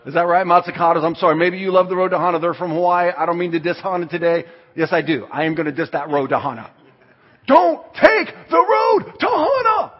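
A man preaches a sermon with emphatic delivery and the occasional shouted line. His voice is fairly high and a little husky. The dull recording carries the long reverb of a large church hall. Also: steady tone, quick pace, few pauses. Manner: emphatic, with sudden loud shouted lines. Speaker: pastor.

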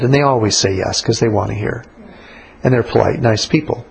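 A man teaching about prayer in a relaxed, conversational way, blunt and colloquial. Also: medium pitch, brisk, vocal fry, poor audio. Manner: blunt, colloquial, acts out little spoken exchanges.

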